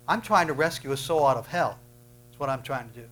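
A man preaches a sermon with emphasis, bursting loud as he punches out commands and often repeating words when starting a thought. His medium-pitched voice is animated and fairly quick, but the audio quality is poor.

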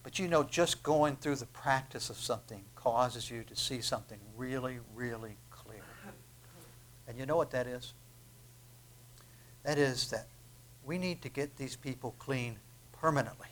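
A man preaching a sermon, emphatic and full of rhetorical questions, dropping to a hush and then building to loud, drawn-out declarations. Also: a little hiss or hum. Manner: emphatic, swings from hushed to booming, rhetorical questions.

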